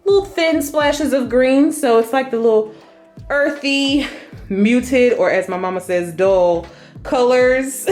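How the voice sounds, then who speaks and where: A young woman chatting casually to camera at home as a decor vlogger, upbeat and chatty with relaxed slang. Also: on the high side, a little slow, faint music behind. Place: at home in her entryway.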